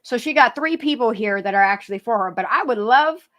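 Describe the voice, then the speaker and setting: A woman hosts a loose true-crime commentary, narrating over a video with blunt, sarcastic remarks. Her voice sits a little high and rings bright and forward. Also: animated, fairly quick. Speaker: channel host.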